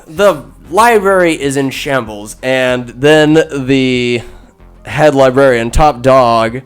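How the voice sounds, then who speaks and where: A man's voice: mid-range voice, clear, resonant tone. Rambling man recapping a movie, faint music. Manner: rambling, casual, with crude asides and quick quoted character voices. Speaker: podcast host.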